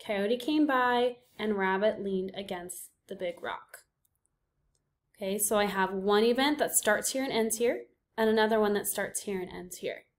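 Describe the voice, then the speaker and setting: A woman's voice: medium pitch, measured pace. A woman teacher giving a recorded reading lesson, explaining patiently and often checking in with her students. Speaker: elementary school teacher.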